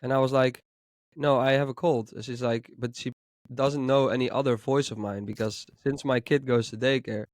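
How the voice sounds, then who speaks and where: Hoarse-sounding male podcast co-host. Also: medium pitch, normal speed, no room sound, studio quality. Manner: relaxed, rambling with many fillers. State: hoarse with a cold. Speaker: podcast co-host, music producer. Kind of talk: casual podcast chat.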